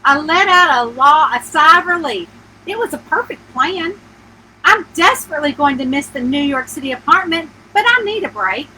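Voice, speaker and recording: A woman author reading her own novel aloud as a bedtime story at home, narrating in first person with lively feeling for the heroine. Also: high-pitched, normal speed, slight background noise, poor audio.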